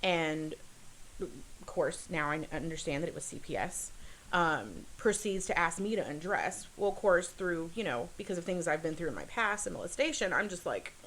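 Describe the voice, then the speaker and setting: Woman, low-ish voice, stumbling through a personal story, lots of "you know", faint hiss behind. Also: expressive, fairly bright tone, low-quality recording. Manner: halting, heavy with fillers and restarts; earnest, confessional. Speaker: podcast guest.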